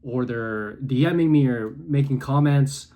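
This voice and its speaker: A man's voice: medium pitch, measured pace. Passionate young man preaching to camera. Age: 20s. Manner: intense, preachy, swings between quiet and loud. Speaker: content creator. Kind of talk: passionate motivational monologue. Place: his room.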